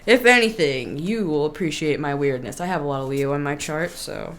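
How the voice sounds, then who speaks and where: A woman giving a casual tarot reading to camera, chatty and quick to laugh, with lively emphasis. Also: low voice, slight background noise. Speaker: tarot reader.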